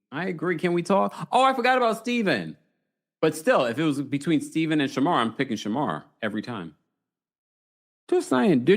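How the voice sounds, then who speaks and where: Animated man recapping reality TV. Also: mid-range voice. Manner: animated, laughing, reacts to comments. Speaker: podcast host reading live chat. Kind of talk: casual reality-TV recap chat.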